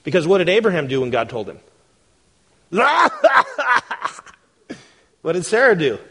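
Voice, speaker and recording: A pastor preaches a sermon in a conversational, animated way, often putting questions to the congregation. His voice is husky and on the high side, and he races along.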